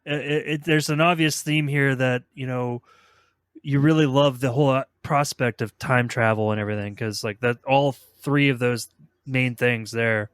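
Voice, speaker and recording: A man co-hosting a podcast in casual chat, halting and repeating his words. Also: medium pitch, steady tone, a bit bright, clear, resonant tone, no room sound, clean studio sound. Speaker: podcast co-host.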